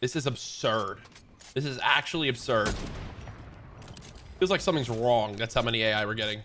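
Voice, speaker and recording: A man's voice: medium pitch, normal speed, bright, forceful tone. Male streamer, mid voice, self-mocking gaming banter, noisy stream. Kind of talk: casual gaming chat.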